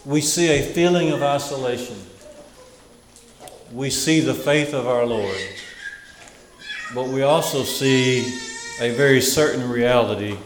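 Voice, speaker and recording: A man preaching a Sunday sermon, earnest and measured, with weighty pauses. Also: medium pitch, slight background noise. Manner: slow, earnest, emphatic pauses. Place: church sanctuary. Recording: echoey hall with faint ambience.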